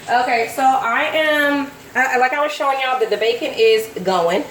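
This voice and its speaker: A young woman casually narrating her cooking for viewers, chatty and relaxed, calling them y'all. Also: high voice, moderate pace, hardly any pauses, faint music behind. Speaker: cooking vlogger. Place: home kitchen. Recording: echoey kitchen, far from the mic, sizzling pan.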